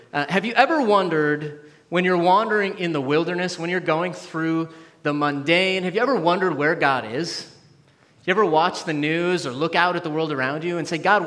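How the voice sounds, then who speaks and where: Earnest higher-voiced male pastor preaching. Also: a bit bright, in a large hall. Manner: earnest, with quips to the congregation. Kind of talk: sermon. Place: church.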